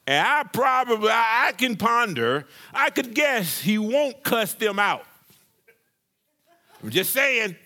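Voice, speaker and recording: Pastor guy preaching, high bright voice, super lively, acts out little scenes. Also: takes it slowly. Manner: animated preaching with playful acted-out asides. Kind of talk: sermon.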